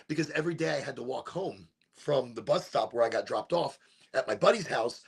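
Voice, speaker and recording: A middle-aged man from Chicago telling a rambling story on a live stream, animated and swearing, with sudden shouts when he acts out voices. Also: mid-range voice, fairly quick. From Chicago, USA. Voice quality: gravelly and husky. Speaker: streamer hosting a smoke session.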